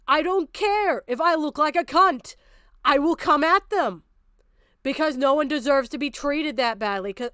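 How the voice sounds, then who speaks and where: A woman's voice: sits high, fairly bright tone, clear, resonant tone, no room sound, clean studio sound. A young woman streamer giving angry, profane reaction commentary, ranting hard and breaking into laughter.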